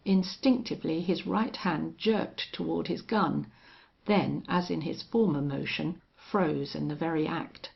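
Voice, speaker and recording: A woman narrating an audiobook in a steady, unhurried way. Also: deep voice, vocal fry. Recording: dull lo-fi audio.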